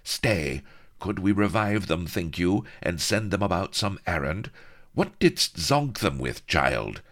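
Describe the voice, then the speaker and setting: A man doing a brisk old-fashioned heroine. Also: deep voice, very animated, fairly bright tone, heavily acted. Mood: urgent. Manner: archaic, commanding.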